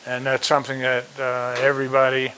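A man preaching a sermon. He speaks slowly and deliberately, stresses his key points by repeating them, and pauses on fillers. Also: medium pitch, monotone, bright, forceful tone, slight background noise, poor audio.

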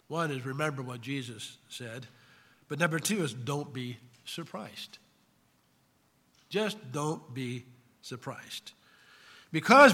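A man's voice: fairly high pitch, sharp tone, long reverb tail. A man preaching a sermon as pastor, emphatic, putting questions to his congregation.

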